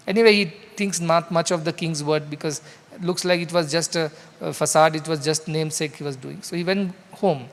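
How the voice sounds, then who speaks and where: A man's voice: fairly high pitch, fairly even intonation, fairly quick. Indian-accented man preaching in a reverberant hall. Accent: Indian English. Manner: explanatory, loose and conversational, with many fillers. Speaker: spiritual speaker. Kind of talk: spiritual discourse with storytelling. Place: large hall.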